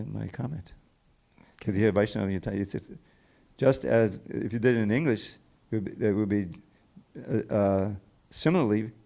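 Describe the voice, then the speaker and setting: A man speaks up from a scripture class, stopping and restarting as he searches for words. His voice is low and dark, with a gravelly rasp underneath. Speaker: class attendee asking a question.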